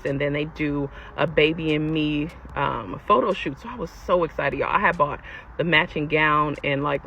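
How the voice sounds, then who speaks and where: Young woman doing a storytime vlog, exasperated, gravelly voice, kinda muffled audio. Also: low-pitched. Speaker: storyteller vlogger. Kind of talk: casual storytime to viewers. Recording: lo-fi with faint background noise.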